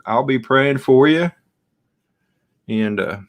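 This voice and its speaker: A middle-aged man hosting a casual live stream from home, rambling and chatting back to viewer comments in front of his camera. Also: mid-range voice. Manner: slow, rambling, reads out and answers viewer comments. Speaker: livestream host.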